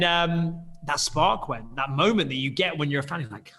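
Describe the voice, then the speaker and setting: Male startup founder, bright forceful voice, lively storytelling, echoey room. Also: on the high side, normal speed. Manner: energetic, full of fillers and restarts, bursts into acted quotes. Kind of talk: animated storytelling in an interview. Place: London.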